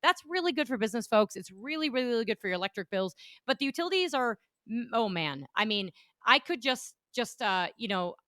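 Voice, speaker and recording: Woman podcast host, talks fast and emphatic, lots of restarts, dry close sound. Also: fairly high pitch, big pitch swings, a bit bright, dry recording. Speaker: podcast host and energy economist. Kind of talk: casual political podcast chat.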